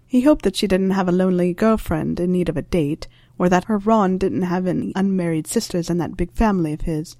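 A woman reads a story aloud in a calm, even way. Her voice is low and mellow. The sound is close and dry. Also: fairly quick, few pauses, dry recording. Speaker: narrator. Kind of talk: storybook narration.

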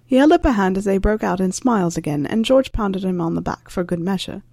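Lady reading a fanfic out loud, even pace, dry close sound. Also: mid-range voice, a little fast, no room sound. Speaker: reader. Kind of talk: reading fan fiction aloud.

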